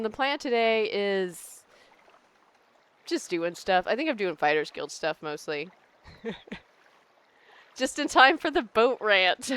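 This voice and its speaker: A woman's voice: medium pitch, a bit bright, smooth. Rambling, laughing woman streamer. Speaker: game streamer. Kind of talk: casual live-stream chat.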